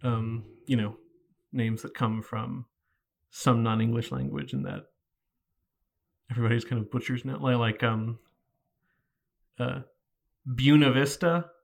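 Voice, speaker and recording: Gravelly, hesitant man in his thirties. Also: medium pitch, flat delivery, unhurried, pauses often. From Virginia. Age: 30s. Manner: hesitant, musing. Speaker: podcast co-host. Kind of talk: casual chat.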